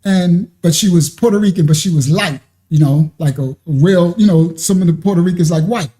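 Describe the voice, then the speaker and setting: A man telling a personal story in a casual way, animated and often laughing. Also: high voice, a little fast. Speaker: ministry speaker.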